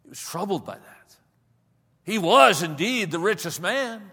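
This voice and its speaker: A man preaching, telling a story dramatically, swinging between loud passages and hushed ones, recorded with a long hall reverb. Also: high voice, expressive, measured pace, husky. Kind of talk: sermon storytelling.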